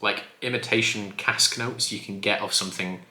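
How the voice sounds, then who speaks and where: A man's voice: fairly low pitch, steady tone, normal speed, pushed and bright. A man chatting enthusiastically as he reviews a spirit, often correcting himself. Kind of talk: casual review vlog. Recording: echoey room.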